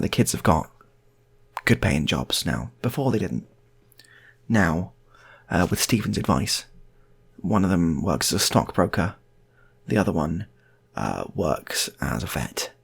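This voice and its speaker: A man's voice: sits low, vocal fry, breathy edge. A man telling an improvised comic story, chatty and full of rambling asides.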